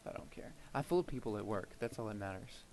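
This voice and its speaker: Rambling from tale to tale over his gameplay, this video creator speaks fast in a lowish, expressive, slightly mellow voice. Slight background noise can be heard. His chatter is loose, dotted with fillers and frequent laughter.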